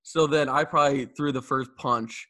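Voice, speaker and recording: A man's voice: mid-range voice, steady tone, normal speed, bright, forceful tone, no echo, studio quality. A young man in his twenties casually retelling a story to a friend, laughing often and swearing.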